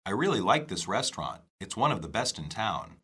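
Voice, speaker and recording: A man reading scripted dialogue for an English lesson, slow, clear and careful. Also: fairly low pitch, sing-song, sharp tone.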